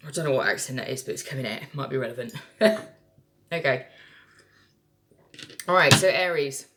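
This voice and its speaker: A woman's voice: rumbling low, normal speed, long pauses, a bit bright, slight background noise. A woman giving a casual tarot reading, chatty and irreverent, swearing freely as she talks through the cards. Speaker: tarot reader.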